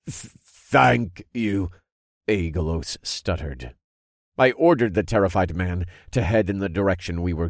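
A man narrating a dark fantasy story in the first person, steady and low-key. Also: dry recording, studio quality.

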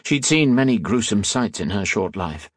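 A man narrating an audiobook in a measured, expressive storytelling manner. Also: on the low side, husky, dry recording, clean studio sound.

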